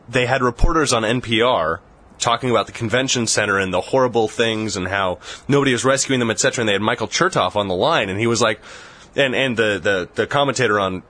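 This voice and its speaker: Husky-voiced man telling stories on a podcast. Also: lowish voice. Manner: animated storytelling, mimics voices, stammers on restarts. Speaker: podcast co-host. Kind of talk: casual chat.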